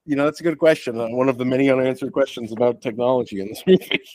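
A man co-hosting a movie podcast in casual chat, joking and teasing his co-host with quick laughs. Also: medium pitch, darkish tone, no room sound.

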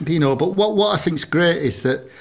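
A man's voice: fairly high pitch, normal speed. A man co-hosting an advice podcast, giving casual advice with chuckling asides. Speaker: co-host agony uncle.

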